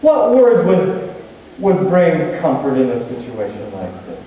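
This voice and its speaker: A pastor and hospital chaplain preaching a sermon, telling stories slowly and earnestly with dramatic pauses. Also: male voice, a little high, huge pitch swings, slight background noise. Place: church sanctuary. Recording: distant, echoey church hall, muffled.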